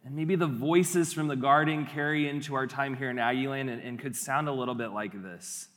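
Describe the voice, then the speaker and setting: A man's voice: medium pitch, brisk, fairly bright tone. A young man giving an earnest, reflective sermon to a congregation. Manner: earnest and reflective, building in intensity. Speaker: preacher. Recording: long hall reverb.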